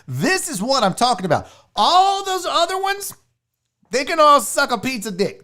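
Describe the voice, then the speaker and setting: High and bright, this young male sports show host's voice has a forceful tone. He's ranting casually about food on a livestream, rowdy and profane, bursting out in mock anger.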